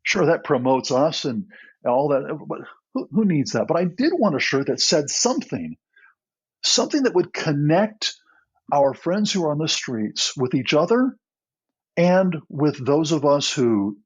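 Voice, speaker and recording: A middle-aged man, guest on a podcast, telling a story earnestly with frequent restarts and soft laughs. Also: a little high, very animated, a little slow, breathy edge, rough recording. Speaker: guest, nonprofit co-founder.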